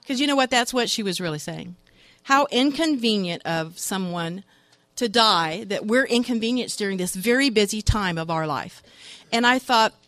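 A woman's voice: medium pitch, fairly bright tone, dry recording. A woman who coordinates funerals at her church, giving an earnest devotional talk with a joke in it. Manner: earnest and exhorting, telling a joke.

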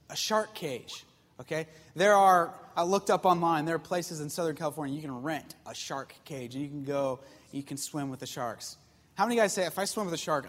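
A man preaching to young people, lively and joking, asking the crowd questions and bringing a volunteer up on stage. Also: a little high, in a large hall. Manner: lively, jokey, talks straight to the crowd. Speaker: youth pastor. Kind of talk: sermon with audience participation.

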